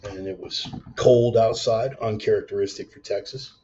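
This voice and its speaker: Male preacher, story-style sermon, low voice, muffled lo-fi recording. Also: steady tone, normal speed, dark tone, slight background noise. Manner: conversational, emphatic, swears in passing.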